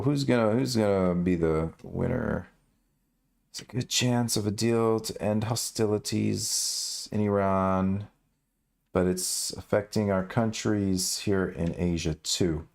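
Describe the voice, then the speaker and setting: A man's voice: on the low side, slow pace, gravelly, a little mellow. A man streaming live, reading news stories aloud and riffing on them in a rambling, jokey, self-correcting way. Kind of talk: casual livestream news commentary.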